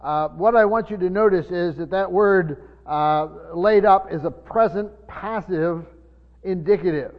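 High-voiced preacher in an echoing hall. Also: male voice. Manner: halting, many fillers and restarts, slows to stress words. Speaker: pastor. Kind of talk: sermon, Bible teaching. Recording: muffled sermon recording in a reverberant hall.

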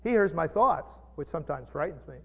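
A pastor preaching a sermon, chatty and animated, with jokes and asides. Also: male voice, fairly high pitch, fairly quick, creaky, husky. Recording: dull lo-fi sound with long reverb.

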